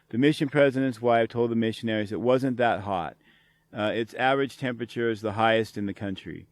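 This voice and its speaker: A man's voice: mid-range voice, dry recording. A middle-aged man hosting a show, ranting angrily and sarcastically with lots of swearing as he reads and answers comments. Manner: angry, profane, sarcastic ranting. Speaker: podcast host.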